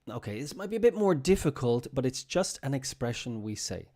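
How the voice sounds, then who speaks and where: A man teaching English on a live stream in a chatty way, repeating example phrases slowly for his students. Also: mid-range voice, big pitch swings, mellow.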